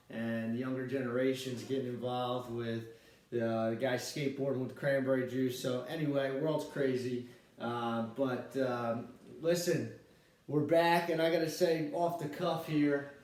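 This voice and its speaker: A man's voice: mid-range voice, darkish tone. A man hosting a casual fantasy football podcast, talking in a rambling, upbeat way with lots of fillers. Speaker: podcast host, league commissioner. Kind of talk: casual solo podcast chat. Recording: very echoey room, mic at a distance.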